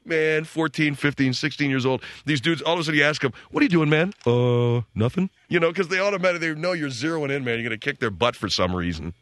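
Animated man hosting a radio show. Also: on the high side, fast talker, hardly any pauses, no room sound. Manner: animated, rambling storyteller. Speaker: radio talk show host. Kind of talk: radio call-in monologue.

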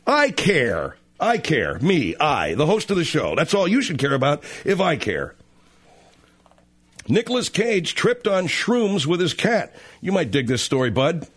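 A man's voice: on the high side, wildly swooping pitch, a little slow, a bit bright, breathy edge. A man hosting a radio talk show in a casual, brash, teasing, rambling way.

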